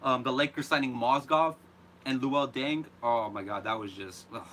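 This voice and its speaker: A man hosting a live reaction show, ranting in an animated, exasperated way. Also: mid-range voice, normal speed, slight background noise. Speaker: host.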